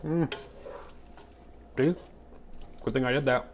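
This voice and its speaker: A man demonstrates a recipe in his home kitchen in a relaxed way, joking and chatting to himself while he cooks. He talks slowly at a medium pitch with fairly even intonation, over slight background noise and clattering pans and utensils.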